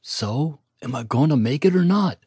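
Brief: a weak, mumbling young cowboy, husky and a little raised in pitch, as a male narrator plays him. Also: expressive, normal speed, warm tone, no room sound, studio quality. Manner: drawling, mumbling.

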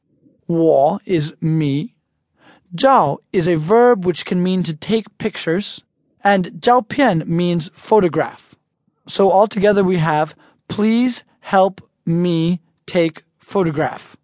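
Relaxed American man teaching phrases. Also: sits high, no echo, clean studio sound. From United States. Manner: relaxed and chatty, slowing down to model phrases. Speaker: language teacher. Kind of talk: audio language lesson.

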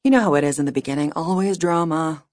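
A woman narrator voicing a cool, relaxed woman in her forties, speaking with easy affection. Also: deep voice, fast, no room sound, studio quality, close to an everyday voice. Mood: wry.

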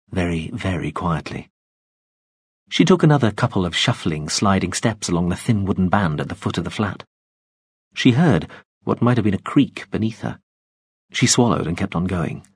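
A male audiobook narrator with a low, husky voice, reading in a measured, expressive way. His delivery moves through a lively range of pitch, and the sound is close and dry. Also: no echo. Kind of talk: scripted narration.

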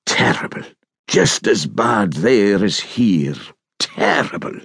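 A man voicing an older island man who speaks slowly and mournfully. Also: lowish voice, very animated, gravelly, a bit bright, slightly rough, no room sound, clean studio sound, heavily acted. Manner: slow, mournful.

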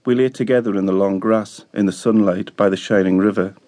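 A man reading a novel aloud as an audiobook narrator, calm and measured. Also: on the low side.

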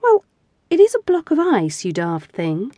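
A woman's voice: fairly high pitch, huge pitch swings, a little slow, mellow, dry recording, clean studio sound, full character voice. A woman voicing a playful young wife who teases and coaxes her husband. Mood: teasing. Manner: teasing, coaxing.

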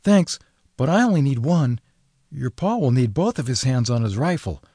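A man's voice: mid-range voice, expressive, moderate pace, dark tone, husky, no echo, clean studio sound, pitched above the performer's own voice. A man voicing an eager young farmhand in an audiobook, reassuring in manner. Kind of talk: audiobook character voice.

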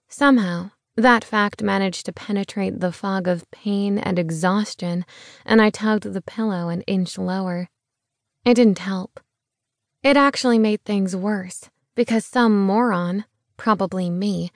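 A woman reads a first-person romance audiobook at an unhurried pace, with a wry, expressive heroine's voice and hushed asides. The close studio recording is dry, with no room sound. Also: medium pitch, no room sound. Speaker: audiobook narrator.

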